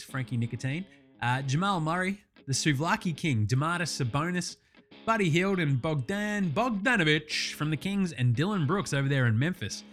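An Australian-accented man with a fairly high, fairly bright voice hosts a basketball podcast. He delivers a brash, profane comedic rant, swearing constantly in a jokey way.

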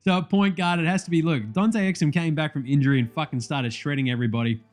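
A sports vlogger with an Australian accent delivers a casual, profane rant about sport in a fast, fairly high voice. His banter is blunt and jokey.

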